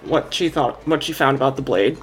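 A woman's voice: rumbling low, a little fast. A woman narrating a tabletop game as game master, rambling and correcting herself as she goes.

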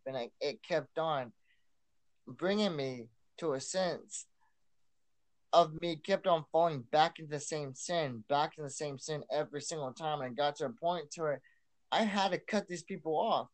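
A young man with a slightly high voice, telling his life story as a podcast guest. He speaks earnestly, often repeating phrases and restarting sentences. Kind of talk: personal testimony.

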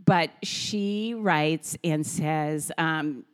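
A middle-aged woman co-hosting a podcast from a home kitchen, telling stories casually with lively energy and frequent laughter. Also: deep voice, drawn-out words, smooth. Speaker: podcast co-host. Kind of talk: casual storytelling.

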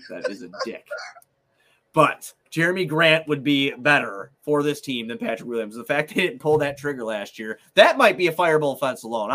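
A man's voice: mid-range voice, a bit bright. A man co-hosting a sports podcast, ranting heatedly and swearing a lot. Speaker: podcast co-host. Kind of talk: casual sports podcast banter.

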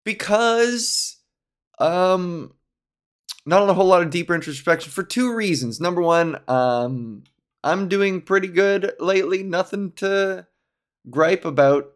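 A man comedian hosts his own podcast alone, rambling and giggling as he improvises. His voice sits a little high for a man. He talks in a loose, casual, off-the-cuff way. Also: unhurried. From Ontario, Canada. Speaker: podcast host. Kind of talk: casual solo podcast chat.

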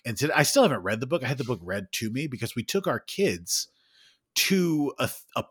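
A man in his thirties co-hosting a podcast, telling an animated, swearing story with lots of laughs. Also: mid-range voice, husky. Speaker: podcast co-host. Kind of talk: casual chat.

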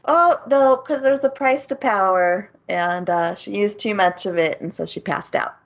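A woman's voice: medium pitch, normal speed. A woman co-hosting a casual anime podcast, recapping the plot with giggles and frequent ums. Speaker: podcast co-host. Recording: slightly dull lo-fi recording.

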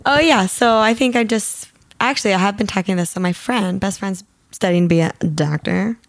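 A woman in her thirties, co-hosting a podcast in casual chat, talking freely and acting out her own reactions in quick quoted asides. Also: mid-range voice, slight background noise. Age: 30s. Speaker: podcast co-host.

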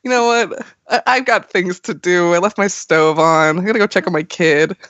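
A woman's voice: on the low side, normal speed, fairly bright tone, no echo, natural voice. A woman voicing a rude, bored male townsman who brushes things off in a hurry. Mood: dismissive. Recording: dry, slightly muffled audio.

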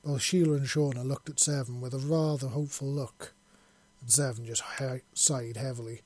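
A man reading fan fiction aloud, steady with small slips and restarts. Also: mid-range voice, normal speed, dry recording. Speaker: narrator.

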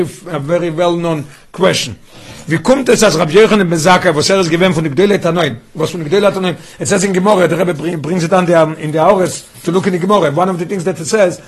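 A man leads a Torah study class in a high, husky voice. He keeps asking his listeners questions and starts phrases over as he works through the text. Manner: questioning, restarts phrases, quizzes students. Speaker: teacher.

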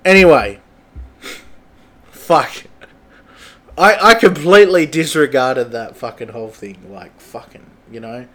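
A man's voice: medium pitch, unhurried, long pauses, fairly bright tone. A young man, ranting casually and profanely as a podcast host, rambling with many restarts. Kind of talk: casual rant.

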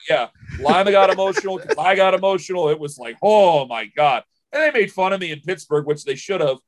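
A sports radio host tells stories in a relaxed podcast conversation, his voice pitched a little high. He talks fast and with animation, rambling emotionally and often repeating or restarting words.

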